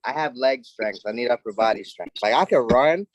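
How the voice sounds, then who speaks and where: Boastful, animated man co-hosting. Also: medium pitch, moderate pace, no room sound, rough recording. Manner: animated and boastful, with colloquial speech. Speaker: co-host. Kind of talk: casual banter.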